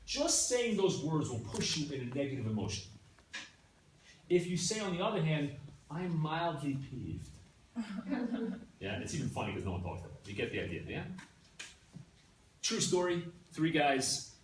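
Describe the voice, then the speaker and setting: A man teaching a class in a conversational, animated way, often checking in with his listeners. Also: a little high, fairly quick, pauses often, noisy background. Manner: animated, keeps checking in with "right?" and "yeah?". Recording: echoey room from a distance, faint ambience.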